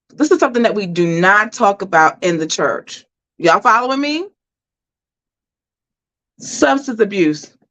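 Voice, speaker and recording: A woman hosting a livestream, giving animated, emphatic commentary and talking straight to her chat. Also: on the high side, low-quality recording. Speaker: host.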